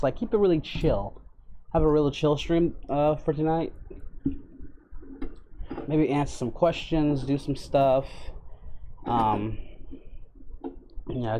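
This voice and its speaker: A man's voice: mid-range voice, mellow, a little hiss or hum. Laid-back man chatting on a livestream. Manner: laid-back, rambling, greets chat by name. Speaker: livestreamer and voice impressionist. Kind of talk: casual livestream chat.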